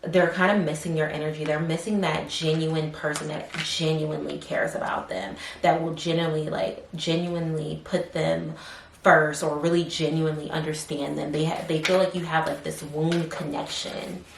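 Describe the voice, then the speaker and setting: Low, flat-voiced woman reading tarot. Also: normal speed, vocal fry. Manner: rambling, many fillers, softly murmurs questions to spirit. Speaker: tarot reader. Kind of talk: casual tarot reading to camera. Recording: roomy echo, faint background hiss.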